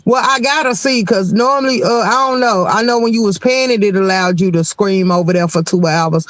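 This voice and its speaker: Stream host, man, high voice, dry close sound, rambling and chatty. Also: a little fast, fairly bright tone, dry recording. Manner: rambling, laid-back, chatty. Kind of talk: casual streaming chat.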